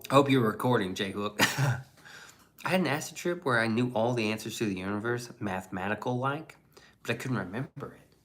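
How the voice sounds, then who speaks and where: A man's voice: medium pitch, animated, brisk, fairly bright tone. A man hosting a casual livestream and reading the chat aloud, in a blunt, profane and rambling way.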